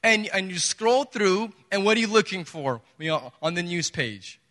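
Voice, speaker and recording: In a church sanctuary, a pastor preaches a sermon in an emphatic, conversational way, asking his listeners rhetorical questions. His high voice has lively intonation, a bit of brightness and a moderate pace, and the hall sounds reverberant.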